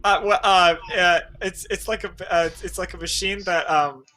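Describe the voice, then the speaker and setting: A man's voice: high voice, steady tone, moderate pace, bright, forceful tone. A man reading as a nervous, earnest young boy who talks hesitantly with many stalls. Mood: confused. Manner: hesitant, full of uhs and restarts. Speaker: reader in a group readthrough. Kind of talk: live unscripted fan script reading.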